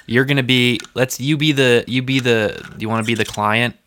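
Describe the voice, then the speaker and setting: A man's voice: mid-range voice, steady tone, normal speed, fairly bright tone, no room sound. A man co-hosting a podcast in casual chat, playful and often restarting his sentences. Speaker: musician co-host.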